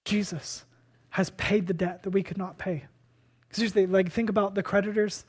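Pastor delivering an emphatic sermon, hushed-to-loud dynamics, rhetorical questions. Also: mid-range voice, steady tone, normal speed, husky. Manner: asks and answers rhetorical questions.

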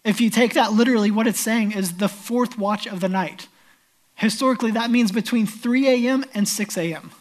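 A pastor delivering a sermon, telling the story with animated swings between loud emphasis and hushed, near-whispered lines. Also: male voice, high-pitched, fairly quick.

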